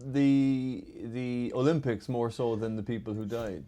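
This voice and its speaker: A man's voice: medium pitch, fairly even intonation, a little slow, a loud crowd. A man co-hosting a comedy podcast, teasing his co-hosts and laughing often. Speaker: comedian co-host. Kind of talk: casual comedy podcast chat.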